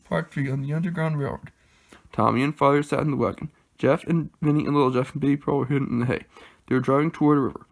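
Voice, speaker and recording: A man reads a children's storybook aloud in a gravelly voice. His pitch sits in a middle range. He reads in a plain, unhurried way and halts now and then. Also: steady tone. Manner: plain, unhurried, halting at times. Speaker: reader.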